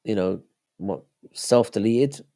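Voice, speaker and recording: A man's voice: fairly low pitch, slow pace, dark tone. A young man hosting a casual live stream, chatting loosely and answering viewers' messages as he reads them out. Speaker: livestream host.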